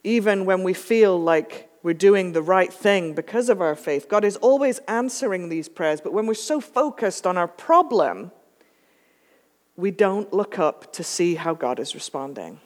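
A pastor giving a relaxed, chatty sermon with joking asides. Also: mid-range voice, unhurried. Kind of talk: conversational sermon. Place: church sanctuary. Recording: long church reverb.

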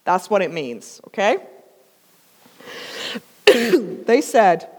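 A woman's voice: mid-range voice, big pitch swings, extremely slow, long pauses. Woman preacher, casual and emphatic, joking asides, coughing, dry throat, long reverb. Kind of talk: storytelling sermon.

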